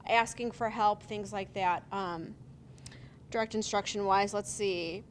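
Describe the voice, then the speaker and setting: A woman's voice: mid-range voice, fairly even intonation, a little slow, slight background noise. A woman social worker at a training workshop thoughtfully talks through and lists her group's ideas. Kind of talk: group share-out.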